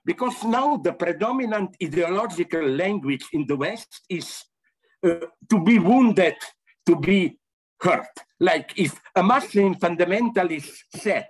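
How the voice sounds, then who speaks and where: A man's voice: on the high side, husky. An older man talking in a rambling, emphatic way as a panellist on a remote call. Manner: rambling, emphatic, many restarts. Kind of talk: animated casual remote panel talk.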